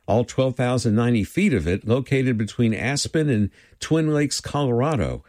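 A man's voice: mid-range voice, very animated, moderate pace, few pauses, darkish tone. A man hosting a radio music show, introducing songs in a folksy, playful way. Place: radio studio.

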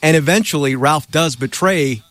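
A man's voice: on the high side, normal speed, fairly bright tone. A middle-aged man hosting an interview, asking questions in an earnest, chatty, self-deprecating way. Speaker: interviewer host. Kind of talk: conversational interview.

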